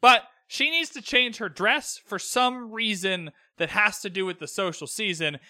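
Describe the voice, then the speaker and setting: Bright, high-voiced man ranting casually. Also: unhurried, dry recording, clean studio sound. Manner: opinionated, exasperated, rambling with asides. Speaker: podcast host recapping a TV episode. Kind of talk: casual solo recap podcast.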